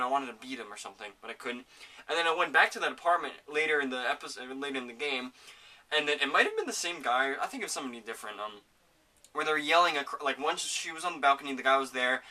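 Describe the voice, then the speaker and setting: Guy rambling on his home podcast, real bright tense voice, cusses a lot, mic kinda far off. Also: medium pitch. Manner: rambling and excitable, swears often. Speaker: podcast host. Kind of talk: casual gaming chat.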